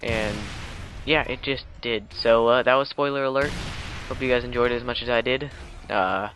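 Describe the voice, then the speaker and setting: A man's voice: medium pitch, moderate pace, a bit bright, a little hiss or hum. A young man casually recapping a film, rambling with lots of fillers and self-corrections. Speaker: video uploader. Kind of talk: casual movie recap vlog. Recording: dull lo-fi home recording.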